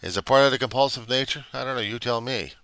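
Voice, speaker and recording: Speaking fast in a mid-range, fairly bright voice, a man records himself on a dry recording. He's a recovery video diarist giving an unscripted confessional monologue to camera. The talk is blunt, profane and rambling, with lots of self-questioning.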